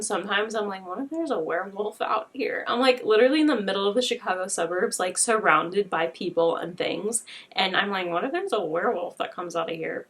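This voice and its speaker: A woman's voice: mid-range voice, a bit bright. A young woman hosting, giving chatty, playful commentary on scary clips. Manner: chatty, playful, many fillers. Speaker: host reacting to viral videos. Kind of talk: casual commentary.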